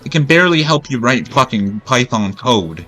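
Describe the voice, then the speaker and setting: A man's voice: medium pitch, very animated, moderate pace, a bit bright, faint music behind. A man streaming a video game and ranting in a rambling, profane, exasperated way. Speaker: gaming streamer. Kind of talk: gameplay commentary rant.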